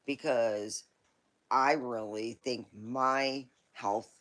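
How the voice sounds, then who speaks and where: A woman's voice: rumbling low, steady tone, very slow, a bit bright. A woman hosting a live stream, chatting casually in a rambling, folksy storytelling way.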